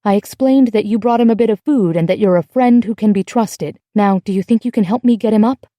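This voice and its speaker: A woman's voice: medium pitch, fairly quick, no echo, close to an everyday voice. Woman reading a cautious, protective woman. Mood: calm. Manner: steady, calm, explaining. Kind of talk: audiobook character voice.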